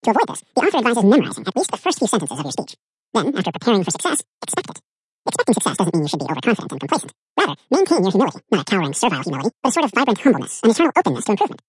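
A woman reading a scripted book summary in an even, measured narration. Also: medium pitch, husky, dry recording.

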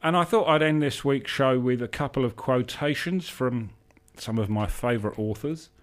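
A man hosting a show, reading a whimsical story in a wry, measured way with the odd um. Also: medium pitch. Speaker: show host and reader.

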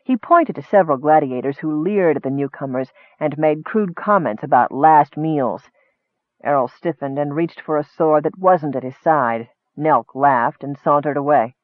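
A man reading a fantasy novel aloud in steady, measured narration. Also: fairly high pitch, dry recording. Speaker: audiobook narrator. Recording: thin phone-like dry sound.

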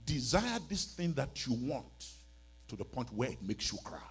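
A man's voice: mid-range voice, big pitch swings, normal speed, breathy edge. A man preaching a church sermon as a bishop, pleading and emphatic, with many rhetorical questions.

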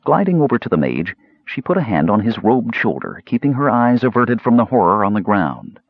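A man reading a fantasy novel aloud as an expressive audiobook narrator. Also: fairly low pitch, brisk, creaky, breathy edge, dry recording. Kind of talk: scripted narration. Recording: slightly muffled dry recording.

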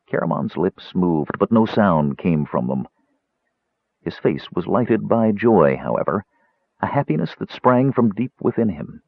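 A male audiobook narrator with a low, husky voice that rises and falls a lot as he tells the story. His delivery is measured and expressive. The recording is dry and slightly dull. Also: no echo.

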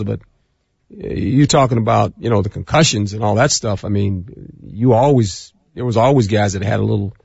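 A middle-aged man talking football as a guest on sports radio, acting out scenes in a rising, animated voice. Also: lowish voice, creaky, slightly rough, no room sound. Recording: dull lo-fi radio audio.

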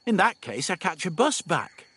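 A man's voice: high voice, very animated, moderate pace, fairly bright tone, husky, pitched above the performer's own voice, heavily acted. A man voicing a defiant, know-it-all teenage girl in an audiobook. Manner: cocky, scornful, know-it-all. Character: defiant cheeky teenage girl time traveller. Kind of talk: audiobook dialogue.

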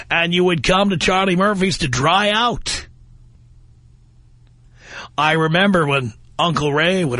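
A man's voice: on the high side, bright, forceful tone, dry recording. Blunt, mocking male radio host. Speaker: radio talk show host. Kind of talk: opinionated call-in talk radio. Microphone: studio microphone.

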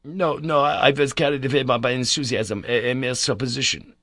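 A man voicing an excitable, eccentric old male professor who stammers when flustered. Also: medium pitch, fairly quick, no echo, clean studio sound, voice pushed up.

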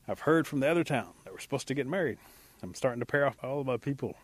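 Man doing a bossy chief voice, short blunt orders, kinda loud. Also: medium pitch, quick pace, dry recording, lightly acted. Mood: puzzled. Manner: blunt, commanding. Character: loud commanding male village chief.

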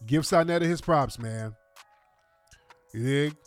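A man hosting a casual livestream, talking in animated, slangy street talk to his viewers. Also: fairly high pitch, takes it slowly, no echo, faint music behind. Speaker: livestream host.

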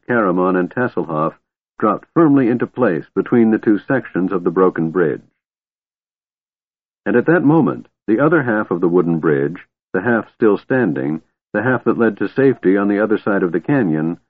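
A man reading a fantasy audiobook in a steady, measured storytelling manner. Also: on the low side. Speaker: audiobook narrator. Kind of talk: scripted fantasy narration. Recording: tinny phone-like, dry.

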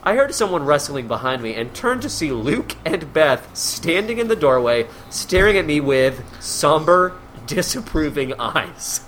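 A man's voice: fairly high pitch, sing-song, unhurried, few pauses, fairly bright tone, slight background noise. A man hosting a comedy podcast, reading a column aloud in a mocking way and laughing often.

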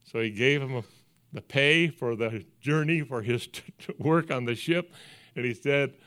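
An older man, a pastor, giving a sermon, telling stories in an earnest, folksy way that drops to hushed, quiet passages. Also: mid-range voice, moderate pace. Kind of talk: sermon storytelling.

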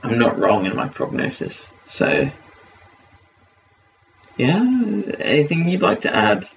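A man's voice: medium pitch, very animated, takes it slowly, creaky. A man co-hosting a casual commentary podcast, rambling with lots of fillers and swearing. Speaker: podcast co-host. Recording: distant lo-fi mic with faint hiss.

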